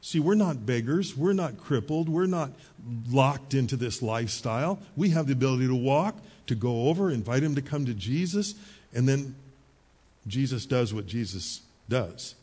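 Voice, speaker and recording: A middle-aged male pastor preaching a sermon in a conversational storytelling manner, with quick asides to the congregation. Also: mid-range voice, expressive, darkish tone, breathy edge.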